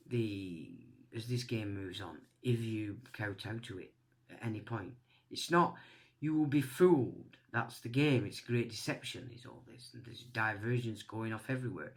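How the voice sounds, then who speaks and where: A man's voice: mid-range voice, fairly bright tone. A man hosting his channel, giving a casual opinion monologue in a blunt, swearing, ranting manner. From England. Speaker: channel host.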